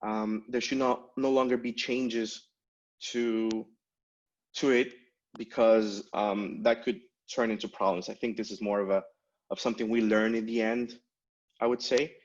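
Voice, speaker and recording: A man's voice: on the low side, steady tone, a little slow, lo-fi sound. A man giving a conference tech talk in a casual style, with many fillers and restarts. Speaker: conference speaker.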